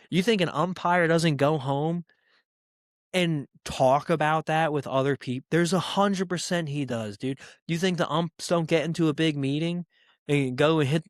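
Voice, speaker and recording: A man hosting a comedy podcast, ranting in a crude, profane and animated way. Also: a little high, no room sound, clean studio sound. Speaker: podcast host. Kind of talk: casual comedic rant.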